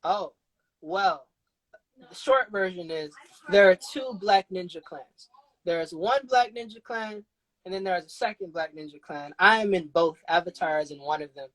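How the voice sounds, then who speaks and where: A woman chatting as a guest on a live stream, joking and animated. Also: lowish voice, dry recording, rough recording. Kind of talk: casual chat.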